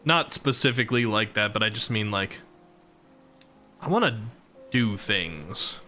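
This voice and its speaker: Man, VTuber streamer, casual live-stream chat, bright forceful voice, laughs a lot, faint music behind. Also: fairly low pitch, lively intonation, unhurried. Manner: chatty, laughs often, talks to viewers.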